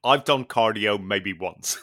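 Lowish, slow and sharp in tone, the co-host narrates an anecdote on a casual podcast. He plays out the dialogue of the people in the story and swears freely along the way.

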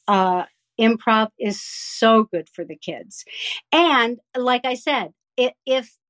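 A woman who coaches children in voice-over, answering interview questions with enthusiasm and examples. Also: on the high side.

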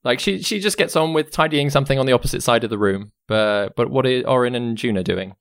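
A man runs a tabletop game, narrating in an easygoing, chatty way. His voice sits at an ordinary pitch, recorded dry and close with almost no room sound. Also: quick pace, no echo. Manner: relaxed, chatty, with fillers. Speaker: game master.

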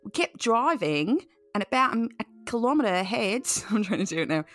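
A woman voicing a frantic woman reliving a sudden bright light, loud and theatrical. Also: on the high side, very animated, normal speed, pitched above the performer's own voice.

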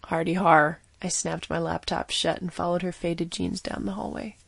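Woman narrating with a gravelly voice. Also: on the low side, steady tone, normal speed, dry recording. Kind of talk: scripted first-person audio drama narration.

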